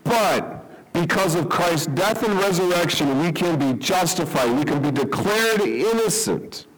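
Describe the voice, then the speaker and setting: A man's voice: high-pitched, lively intonation, measured pace, poor audio. Man preaching a story-led sermon. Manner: conversational, checks in with "okay?". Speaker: pastor.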